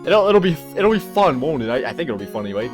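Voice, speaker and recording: A man's voice: fairly high pitch, sing-song, fast talker, soft background music. A man hosting a let's play, chatting casually in a rambling, self-correcting way. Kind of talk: casual gaming commentary.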